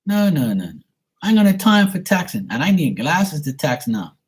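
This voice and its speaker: A man's voice: on the high side, big pitch swings, brisk. A man ranting bluntly to the camera in a profane comic monologue, swearing often and firing rhetorical questions at the viewer. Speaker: vlogger answering viewer questions.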